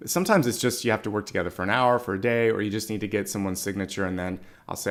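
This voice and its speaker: A man giving channeled spiritual guidance in a conversational, gently encouraging way, often correcting himself mid-sentence. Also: on the low side, quick pace. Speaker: psychic reader.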